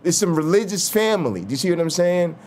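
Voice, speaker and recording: A man hosting a casual conversation who tells animated stories and says "like" and "you know" a lot. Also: high voice, fast talker, slight background noise. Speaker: host.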